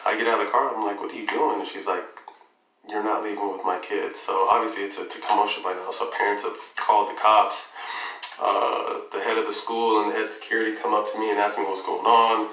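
A man's voice: on the low side, fast, echoey room, recorded from a distance, low-quality recording. A man casually telling a long personal story, swearing freely and acting out the dialogue. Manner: profane, animated retelling with quoted dialogue. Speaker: guest telling his story.

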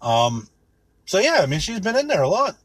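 A man in his thirties rants with sarcasm, swears freely and wanders from point to point. His voice is husky and slightly high, and it swings widely as he mocks. The recording is close and dry. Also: wildly swooping pitch, normal speed, fairly bright tone, no echo. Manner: rambling, sarcastic, swears a lot, mocks with put-on quotes. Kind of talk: profane comedic rant.

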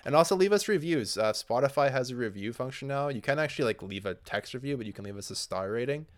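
A Canadian man co-hosting a podcast in casual chat, relaxed and informative, with rambling asides. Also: medium pitch, quick pace. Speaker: podcast co-host.

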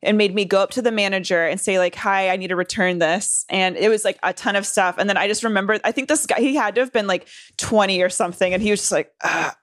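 Talking fast with hardly any pauses, a Southern California woman in her twenties spins a rambling, profane story packed with fillers and false starts. Quoted voices come out higher-pitched, and the recording is dry and studio quality.

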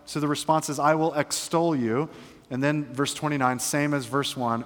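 Middle-aged male preacher, slightly high voice, earnest delivery, church hall with long reverb. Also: steady tone, normal speed. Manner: earnest preaching, swings from hushed to emphatic. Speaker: pastor. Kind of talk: sermon. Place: church sanctuary.

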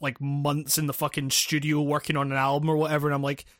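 Bright-voiced man rambling casually. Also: a little high, completely flat delivery, fast, dry recording, studio quality. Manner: rambling, restarts often, joking with laughter. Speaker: podcast co-host reading listener questions. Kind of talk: casual chat.

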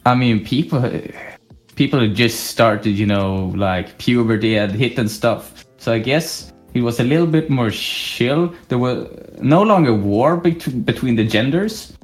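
A man's voice: medium pitch, animated, measured pace, faint music behind. A young man from Sweden co-hosting a casual podcast, rambling through stories and laughing often. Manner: giggly, rambling storyteller. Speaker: podcast co-host. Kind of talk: casual chat. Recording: roomy echo.

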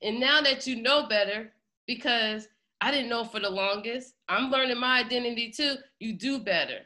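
A woman delivers an impassioned sermon as host of a congregation, pleading and close to tears. Her voice is bright and forceful, pitched a little high. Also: normal speed. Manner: fervent, pleading, emotional. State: near tears. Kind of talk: impassioned preaching.

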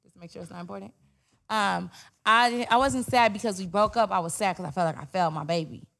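A woman's voice: mid-range voice, fast talker, gravelly, a bit bright. A young woman, a guest in a candid interview, talking bluntly and animatedly and swearing freely.

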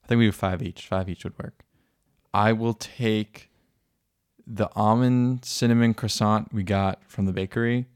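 A man's voice: on the low side, steady tone, measured pace, a little mellow, clear, resonant tone, no echo, studio quality. A young American man co-hosting a podcast, telling stories in an enthusiastic, casual way. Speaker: podcast co-host. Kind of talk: casual chat.

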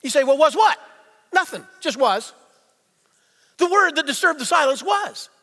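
Man preaching in a church, very high voice, bright, reverberant sanctuary, rhetorical questions, hushed-to-loud delivery. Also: big pitch swings. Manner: rhetorical questions, slows for emphasis, swings between quiet and loud. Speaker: pastor. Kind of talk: sermon. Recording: long reverb in a church hall.

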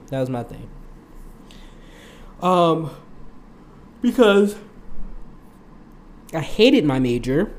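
A young man hosting his own podcast, talking casually in a rambling way and laughing often. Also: medium pitch. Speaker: podcast host. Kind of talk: casual solo podcast monologue.

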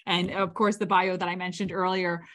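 A woman's voice: lowish voice, little pitch movement, normal speed. A woman podcast host who affirms her guest and sums up the conversation. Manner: warm praise, affirming. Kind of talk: podcast interview.

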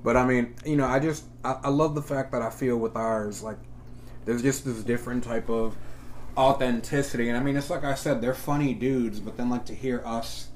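A man's voice: medium pitch, moderate pace, a little hiss or hum. Profane joking male podcast co-host. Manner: profane, joking, animated storytelling. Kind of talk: casual podcast chat.

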